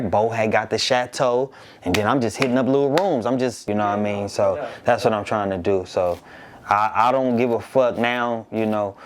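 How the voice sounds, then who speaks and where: A comedian being interviewed, telling his story in a laid-back, rambling way. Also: medium pitch. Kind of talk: casual interview chat.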